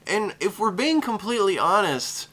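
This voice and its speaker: A man's voice: high voice, sing-song, moderate pace, pushed and bright. A man streaming a reaction to a music video, chatting casually, laughing often and rambling with restarts.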